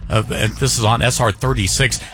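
A man reads a radio traffic report briskly, with many "uh" fillers. A faint hiss sits under his voice. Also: mid-range voice, fairly bright tone.

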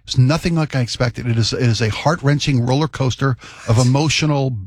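A man co-hosting a talk radio show in casual chat, an animated, emotional storyteller who likes to joke. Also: mid-range voice, a little fast, no room sound, studio quality. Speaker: radio co-host.

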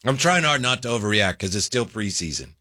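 A man's voice: on the low side, expressive, fairly quick, sharp tone, no echo, clean studio sound. A man co-hosting sports radio in a teasing, easygoing way. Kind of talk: casual sports radio chat.

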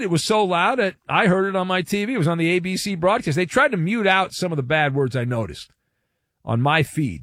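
Lively, wry male sports radio host. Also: on the high side, no echo, clean studio sound. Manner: animated, wry and theatrical, stretching words for effect. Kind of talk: sports talk radio monologue.

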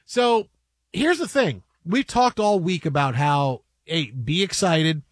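A man's voice: on the high side, lively intonation, slow pace, no echo, studio quality. A man hosting a sports talk show, chatty and steering the segment with playful, mock-grand asides.

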